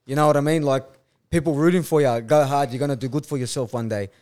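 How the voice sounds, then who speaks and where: A man's voice: medium pitch, darkish tone. A young man talking as a podcast guest, blunt and slangy, swearing freely. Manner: blunt, swears a lot, fast slangy talk. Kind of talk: casual podcast chat.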